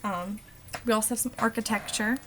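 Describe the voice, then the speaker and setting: A woman giving a class presentation on a dialect, hesitant and filling pauses with frequent ums. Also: fairly high pitch, fairly even intonation, background noise. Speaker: student presenter.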